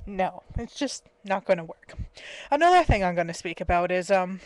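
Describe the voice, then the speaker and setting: A woman's voice: mid-range voice, animated, normal speed, dry recording. Exasperated young woman ranting to webcam. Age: 20s. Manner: exasperated, storytelling, frequent laughs. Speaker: vlogger. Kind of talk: casual webcam rant. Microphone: webcam mic.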